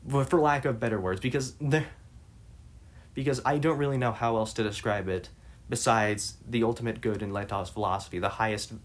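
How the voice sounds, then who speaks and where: A man reading interview passages aloud and commenting on them, halting with frequent restarts and fillers. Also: mid-range voice, steady tone. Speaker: reader and commentator.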